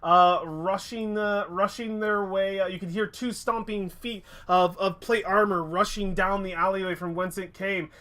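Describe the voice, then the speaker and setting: Bright-voiced man running a tabletop game. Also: high-pitched, fairly even intonation. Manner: descriptive, halting with fillers. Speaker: game master. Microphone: headset or desk mic on a stream.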